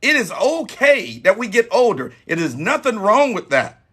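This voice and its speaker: Bright, high-voiced man in his forties. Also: sing-song, normal speed, husky. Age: 40s. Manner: emphatic, repeats key points. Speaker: host. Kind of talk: live dating-advice talk.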